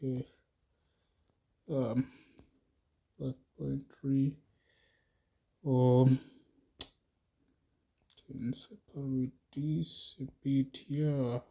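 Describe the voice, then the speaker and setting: A man teaching a math lesson, talking slowly and thinking aloud as he works through a problem with his students. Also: medium pitch, flat delivery, gravelly, mellow. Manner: slow, musing, talks to students as he works.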